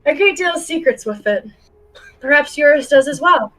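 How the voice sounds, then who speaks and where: A woman game master voicing a suave, mysterious gentleman with a cane who speaks in a put-on Southern US accent and calls people darling. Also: sits high, animated, normal speed, pitched above the performer's own voice. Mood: teasing.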